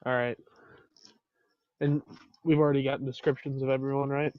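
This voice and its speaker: A man's voice: mid-range voice, level tone, moderate pace, clean tone, no room sound, muffled recording. A man playing a tabletop game over voice chat, thinking aloud in a hesitant way. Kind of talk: casual play over voice chat.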